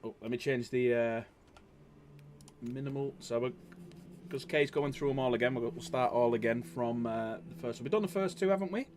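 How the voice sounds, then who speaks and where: A man hosting a casual livestream, jokey and laughing often, with loud cheerful greetings. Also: mid-range voice, normal speed, a crowd in the background. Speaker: livestream host.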